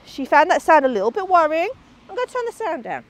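Woman dog trainer, high animated voice, explaining outdoors with sing-song praise for the dog. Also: quick pace. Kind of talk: instructional demonstration outdoors. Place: outdoors in a field.

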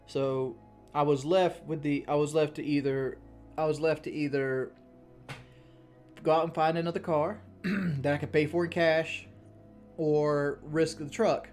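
A man's voice: a little high, fairly even intonation, unhurried, darkish tone, soft background music. Frustrated, cursing man venting on stream. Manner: venting, frustrated, heavy swearing; rambling, restarts sentences. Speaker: live streamer. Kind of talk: casual live-stream talk, answering chat.

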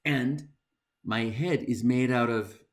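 A man's voice: mid-range voice, slow. A middle-aged man reading a picture-less children's book aloud, playful and mock-dismayed, bursting into silly sounds. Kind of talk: animated read-aloud for kids.

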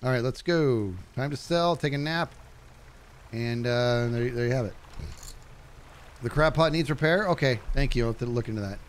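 A man's voice: moderate pace, long pauses, a little hiss or hum. A man giving chatty live commentary while playing a fishing game, reading chat and yelping when things go wrong. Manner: animated, chatty, jumps to high panicky yelps.

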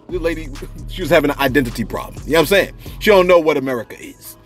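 Racing along in a slightly high voice, the man behind this celebrity gossip channel chats and tells stories, laughing a lot and acting out what people said. There's faint music in the background.

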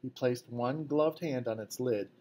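A man reading a novel aloud at a measured, fairly quiet pace. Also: mid-range voice, slight background noise. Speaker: audiobook narrator. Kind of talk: scripted narration.

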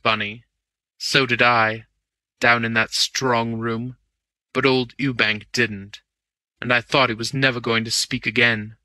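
A man giving deliberate first-person audiobook narration. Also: medium pitch, flat delivery, pushed and bright, dry recording. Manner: measured, deliberate storytelling.

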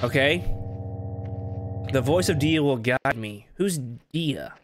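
A man's voice: medium pitch, lively intonation, takes it slowly, background noise. A man commentating on a horror game as he plays, talking to himself and yelping at scares. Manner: jumpy, talks to himself, yelps. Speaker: gameplay commentator. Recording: game music under voice.

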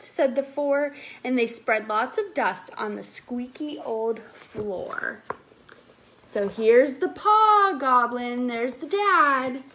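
A preschool teacher reading a picture book aloud to young children, animated and coaxing them to count along. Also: female voice, on the high side.

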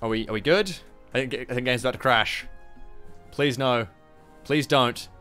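Young Australian streamer on a mic, loose and foul-mouthed, with faint music behind him. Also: male voice, medium pitch, normal speed, bright, forceful tone, smooth. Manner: profane, rambling, joking. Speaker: game streamer. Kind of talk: live gameplay commentary. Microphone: streaming microphone.

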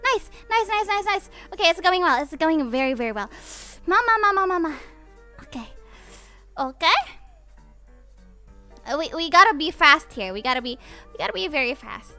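A woman's voice: very high-pitched, lively intonation, moderate pace, pauses often, bright, forceful tone, faint music behind. A young woman from Indonesia, a virtual idol streamer, chatting theatrically over a game, swinging between shrieks and mutters as she reads chat aloud.

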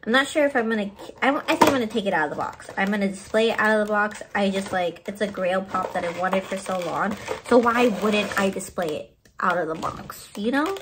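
A woman chatting to her phone camera at home, gushing and excited as she shows off her birthday haul, laughing often. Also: medium pitch, moderate pace, background noise. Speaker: vlogger showing a birthday haul. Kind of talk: casual chat to camera.

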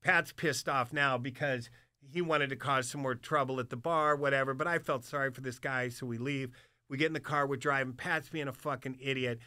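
A man's voice: medium pitch, brisk, dry recording, clean studio sound. A man telling wild stories in a casual chat, cursing freely and acting out the other people's voices. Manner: swearing, animated, acts out voices in his stories. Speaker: guest storyteller. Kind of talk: casual storytelling on a podcast.

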